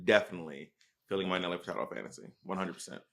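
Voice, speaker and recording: A man co-hosting a podcast in casual chat, teasing his co-host with sarcastic, deadpan asides. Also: low voice, racing, gravelly.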